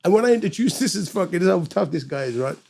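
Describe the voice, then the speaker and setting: Middle-aged man, high gravelly voice, lively storyteller who swears and does the voices. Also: racing. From Wales. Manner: animated, swears freely, acts out quoted voices. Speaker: guest musician. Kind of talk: casual storytelling interview.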